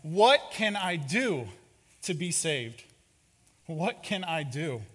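A man's voice: on the high side, sing-song, slow, a bit bright, heavily acted. A man voicing a frightened, burdened male pilgrim who pleads in anguish during a sermon story. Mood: desperate. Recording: reverberant hall.

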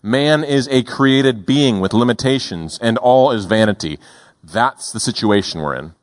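A male pastor preaching a sermon in a deliberate, emphatic way, slowing down on key words. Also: mid-range voice.

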